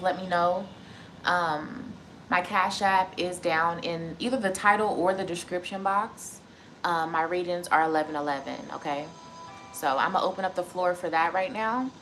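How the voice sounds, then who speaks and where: A woman's voice: on the low side, a bit bright, a little hiss or hum. A woman in her twenties, a tarot reader chatting live to her viewers in a casual, profane, heated rant. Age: 20s. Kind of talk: casual livestream chat.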